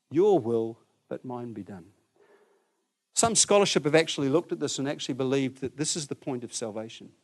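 A man preaching a conversational sermon, asking his listeners questions and swinging between loud, emphatic stretches and quiet, low ones.

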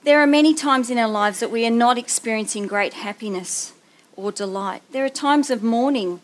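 A woman delivers a sermon from the front of a church gathering. Her voice sits high and she tells stories with lively expression, slipping into other voices, then settles into scripture reading. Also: normal speed. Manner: animated storytelling, acting out a child's voice. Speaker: preacher.

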